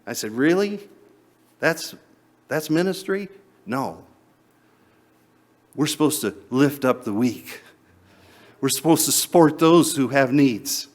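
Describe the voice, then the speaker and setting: Conversational pastor preaching a sermon. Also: male voice, medium pitch, takes it slowly, pauses often. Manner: conversational, chuckles and repeats words.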